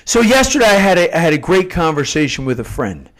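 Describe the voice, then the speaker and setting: A man's voice: a little high, very animated, fast. A middle-aged man giving an earnest, unscripted devotional talk, often repeating and restarting phrases for emphasis. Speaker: Catholic novena host. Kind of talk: spontaneous devotional teaching.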